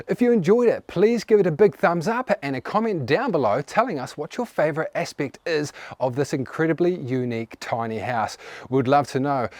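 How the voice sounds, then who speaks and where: A man's voice: on the high side, a little mellow. Upbeat man touring a tiny home. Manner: upbeat, chatty presenter. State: a little out of breath. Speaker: tiny home tour host. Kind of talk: walkthrough home tour vlog.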